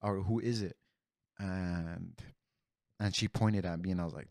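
A young man with a low, deep voice tells a rambling, profane story to his friends. He talks casually and drops "bro" into almost every sentence. The recording is dry and close. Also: fairly even intonation, a little slow, gravelly, darkish tone, no echo. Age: young adult.

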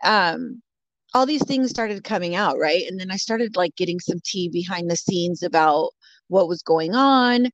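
A woman's voice: lowish voice, expressive, unhurried, no echo. A woman from California telling a story in casual chat, bluntly, with lots of swearing and "like" fillers. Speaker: guest. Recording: dull lo-fi dry audio.

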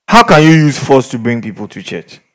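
A man with a mid-range voice preaches a sermon, telling stories in an animated way and acting out the people he quotes in them.

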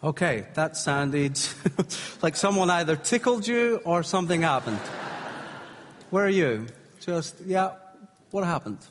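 A man leading a live healing service from the stage, encouraging the congregation and joking gently with them. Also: fairly high pitch, lively intonation, unhurried, a little hiss or hum. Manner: encouraging, gently humorous, calls out to the crowd. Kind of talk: live sermon ministry. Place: large hall with congregation. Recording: echoey hall with faint crowd.

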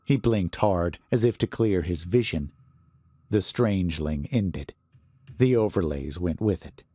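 A man reading a horror story aloud in a deliberate, expressive manner. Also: sits low, breathy edge, no echo. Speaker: narrator.

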